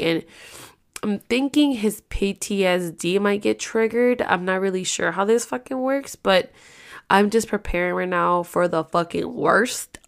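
A woman's voice: medium pitch, creaky, a bit bright. A woman vlogger telling a personal story in casual chat straight to her viewers, rambling and swearing freely. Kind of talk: casual chatty storytelling to the camera.

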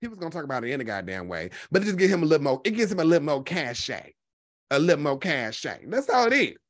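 A man hosting a gossip commentary show, talking loudly and brashly with constant profanity. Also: fairly high pitch, big pitch swings, quick pace, no echo, studio quality. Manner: loud, brash, heavily profane.

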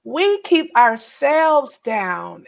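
A woman's voice: high voice, sing-song, extremely slow, creaky. A woman speaking in an emphatic, encouraging, preacher-like way. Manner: emphatic and exhorting. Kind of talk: encouraging preaching-style reflection.

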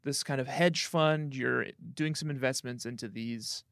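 A man's voice: medium pitch, measured pace, creaky, fairly bright tone, dry recording, clean studio sound. A man co-hosting a podcast in casual chat, joking and rambling with plenty of ums and likes. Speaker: podcast co-host. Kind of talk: casual chat about a video game.

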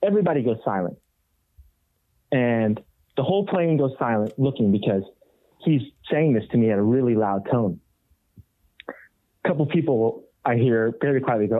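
A man, a rock guitarist and podcast guest, telling a story in a casual, animated way and acting out the other people's voices. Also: mid-range voice, normal speed, no room sound. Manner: animated, acts out quoted voices. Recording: tinny phone-like dry audio.

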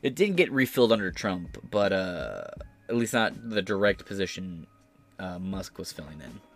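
A man's voice: low voice, sing-song, moderate pace. A man hosting a podcast, giving crude, sarcastic live-stream commentary. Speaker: podcast host.

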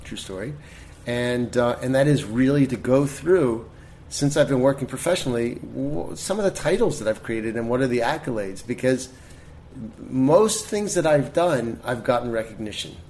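Animated middle-aged man telling stories. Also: mid-range voice, moderate pace, slight background noise. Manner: animated storyteller, many restarts. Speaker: guest. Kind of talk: casual interview storytelling.

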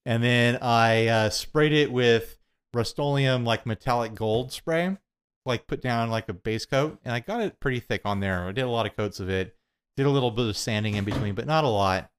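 A man's voice: mid-range voice, normal speed, clean tone. Young male co-host, loose self-deprecating rambler with frequent laughter. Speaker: podcast co-host. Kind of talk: casual chat.

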